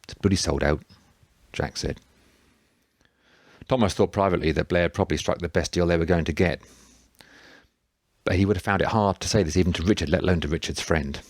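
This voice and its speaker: Male narrator, very deep voice, dry booth sound, steady reading pace. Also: brisk, long pauses, no echo. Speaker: audiobook narrator. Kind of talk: scripted narration.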